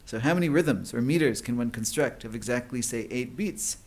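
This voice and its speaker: A man's voice: mid-range voice, expressive, normal speed. Man giving a conference lecture. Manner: explanatory, with frequent fillers and restarts. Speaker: conference speaker. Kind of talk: academic lecture.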